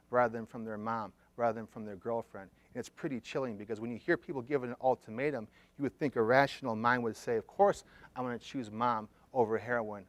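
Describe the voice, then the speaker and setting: A middle-aged man, a therapist, telling a client story to an audience and acting out the quoted dialogue in lively fashion. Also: medium pitch, no room sound. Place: conference room.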